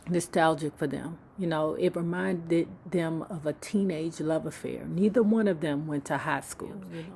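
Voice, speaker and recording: Sassy low-voiced woman dishing gossip. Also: creaky, a little mellow, slight background noise. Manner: sassy, profane, mocking asides. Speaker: YouTube book club host. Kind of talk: casual gossip storytelling.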